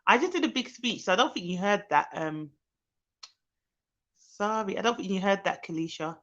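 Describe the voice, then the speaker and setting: A woman hosts a casual live stream as a childcare expert. She chats and greets viewers by name, with plenty of ums along the way. Her voice sits at a middling pitch, and the stream audio is a little dull. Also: expressive, moderate pace. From Birmingham, England.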